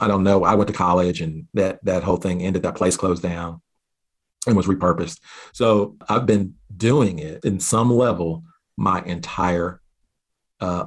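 Husky low-voiced man telling a story. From southeastern Oklahoma. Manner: earnest, halting restarts, slows down at key moments. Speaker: guest.

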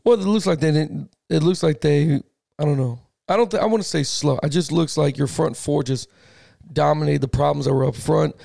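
Gravelly animated man talking football. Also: fairly high pitch, fairly quick, no room sound, clean studio sound. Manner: animated, swears casually. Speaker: podcast co-host. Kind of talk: casual sports chat.

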